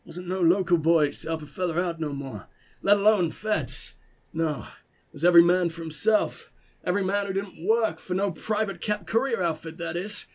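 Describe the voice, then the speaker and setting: Man doing old southern backcountry loner, lowered voice, slow folksy drawl, grudging.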